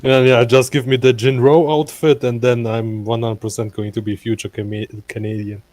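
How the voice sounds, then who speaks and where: A man in a casual chat, joking and teasing in quick banter. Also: mid-range voice, little pitch movement, a little mellow. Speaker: guest on a hobby stream.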